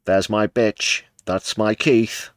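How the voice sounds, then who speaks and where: A man's voice: on the low side, steady tone, slow, no echo, studio quality. A British man hosting a livestream, giving sarcastic, sweary commentary on the news and laughing at clips. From United Kingdom. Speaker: livestream host.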